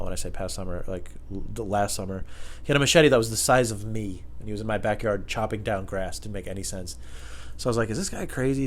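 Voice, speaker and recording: A man casually telling a rambling, profane story in a deadpan manner. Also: lowish voice.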